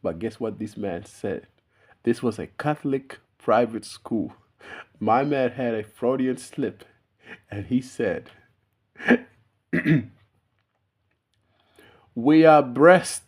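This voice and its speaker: A man's voice: medium pitch, takes it slowly, long pauses, a little mellow. A young man talking straight to camera in a loose, meandering monologue, laughing and swearing casually as he goes. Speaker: YouTuber. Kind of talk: unscripted rambling monologue.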